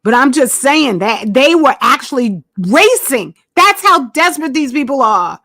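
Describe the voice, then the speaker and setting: Animated, high-pitched woman. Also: a little slow, no echo, clean studio sound. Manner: emphatic, repeats herself, asides while searching screen. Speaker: channel host. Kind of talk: casual monologue to viewers.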